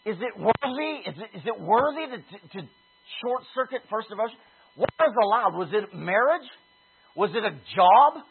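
A man preaching a sermon, telling a personal story with animated, shouted bursts. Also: high-pitched, moderate pace, a little hiss or hum. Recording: husky voice over a tinny phone-like line.

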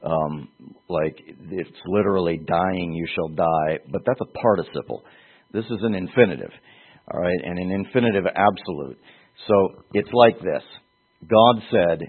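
A man's voice: low-pitched, a little slow, slightly rough. A man preaching an expository sermon, acting out quoted voices as he teaches. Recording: phone-like narrow band.

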